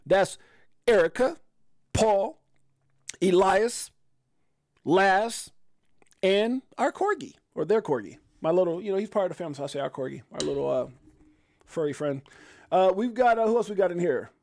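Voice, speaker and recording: A man hosting a casual live stream, excitable and joking, often exclaiming as he runs through prices. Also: high-pitched, moderate pace, pauses often. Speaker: crypto live stream host.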